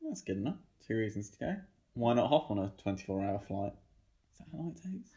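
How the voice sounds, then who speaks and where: A man's voice: lowish voice, big pitch swings, quick pace, warm tone. Dry, teasing male podcast co-host. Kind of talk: casual chat.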